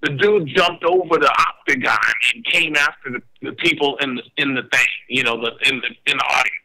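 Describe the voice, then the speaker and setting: A man co-hosting a casual talk radio show, ranting in an animated way and mocking people in high put-on voices. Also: a little fast, rough recording. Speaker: radio co-host. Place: home in a Las Vegas suburb.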